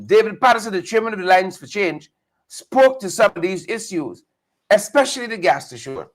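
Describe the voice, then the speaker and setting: A man's voice: high-pitched, lively intonation, a little fast. A man hosting a live political talk stream, greeting viewers by name and repeating phrases for emphasis. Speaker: host of a live political show. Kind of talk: casual live-stream commentary.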